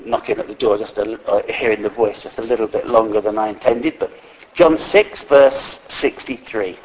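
A man preaching a sermon in a conversational, halting way, with fillers and restarts, reading scripture aloud. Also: fairly low pitch, fairly even intonation, slight background noise, rough recording.

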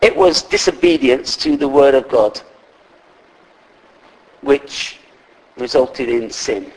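Male preacher, mid pitch, chatty and halting sermon delivery. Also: wildly swooping pitch, gravelly, rough recording. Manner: conversational, halting with fillers and restarts.

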